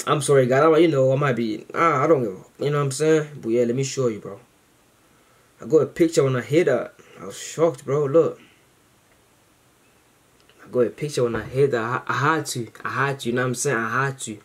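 A man hosting a reaction video, chatting casually to camera in a rambling, slangy way full of fillers, excited and grateful. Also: mid-range voice, fairly quick.

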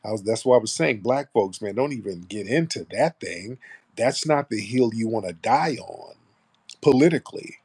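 A man's voice: on the low side, lively intonation, moderate pace, a little mellow, slightly rough. A man hosting a casual live stream, talking bluntly and sarcastically about the news. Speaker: host.

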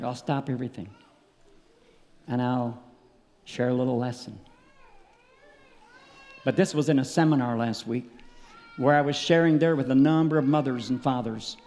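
A middle-aged man preaching a sermon at a tent meeting, telling a personal story and building to loud, emotional peaks. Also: medium pitch, long reverb tail. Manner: storytelling, rising to loud emotional peaks, acting out his story with sound words.

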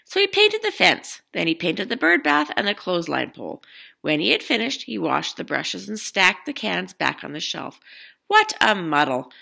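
Lady reading a kids' picture book out loud, bright voice, swoops up and down a lot. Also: mid-range voice, big pitch swings, normal speed, gravelly. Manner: warm asides to young listeners, light laughs. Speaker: storybook reader.

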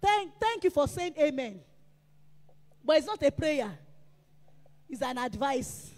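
Woman preacher, very high and urgent voice, hammering refrains, reverb-heavy church hall. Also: very animated, takes it slowly. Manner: emphatic, repetitive exhortation with shouted peaks. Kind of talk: sermon.

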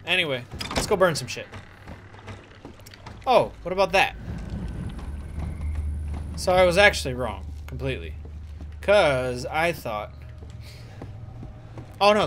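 A man hosting a casual let's-play video, playful and excitable and swearing freely as he narrates his gameplay. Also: fairly high pitch. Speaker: gaming video host. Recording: noisy game audio behind the voice.

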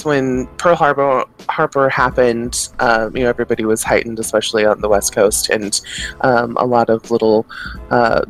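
A man's voice: mid-range voice, a bit bright, low-quality recording. A man co-hosting a podcast in casual chat, hesitant and often repeating his words with small laughs. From Pacific Northwest of the United States. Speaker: podcast co-host.

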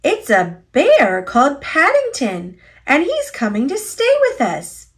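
A woman voicing a kind, eager young girl in a storybook, warm and encouraging. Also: high-pitched, wildly swooping pitch, slow, voice pushed up, full character voice.

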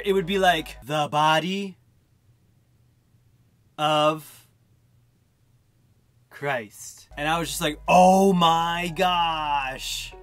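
A man in his thirties from northern New Jersey telling his personal faith testimony, animated and acting out the voices he quotes. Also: high-pitched. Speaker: testimony speaker.

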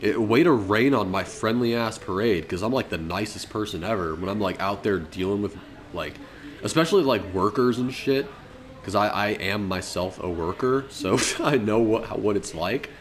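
Low-voiced man telling a profane story. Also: moderate pace. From Colorado. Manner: loose, profane, laughing often. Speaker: podcast co-host. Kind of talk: casual storytelling chat.

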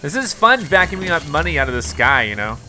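A man's voice: a little high, very animated, fast talker, sharp tone, faint music behind. A man giving casual, playful commentary while playing a video game, laughing often and exclaiming at surprises. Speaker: gaming YouTuber. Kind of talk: casual let's play commentary.

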